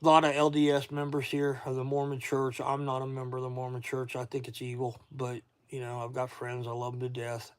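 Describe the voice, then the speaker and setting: A man's voice: medium pitch, completely flat delivery, brisk, few pauses, smooth. Tired, rambling Southern man. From Florida. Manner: rambling, chatty, greets viewers by name. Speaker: outdoor livestream host. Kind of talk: casual livestream chat. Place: garage workshop.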